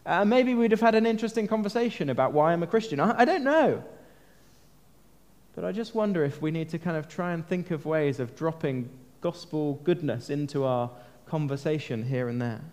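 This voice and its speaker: A man's voice: on the high side, lively intonation, brisk, a little mellow. A man gives a sermon in a slightly raised voice. He speaks in an earnest, conversational way and puts questions to the congregation. Long reverb from a large church hall trails behind his words. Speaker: preacher.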